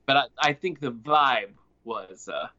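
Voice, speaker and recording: A woman's voice: very deep voice, animated, unhurried, bright, forceful tone, dull audio. A woman co-hosting a podcast, giving emphatic, opinionated takes on TV scenes. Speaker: podcast co-host. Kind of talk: casual TV recap chat.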